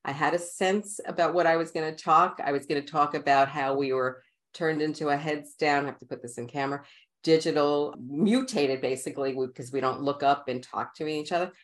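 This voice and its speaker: Middle-aged woman, Queens accent, low voice, animated storyteller guest who laughs a lot. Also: brisk. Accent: Queens, New York. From New York, USA. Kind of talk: casual interview storytelling.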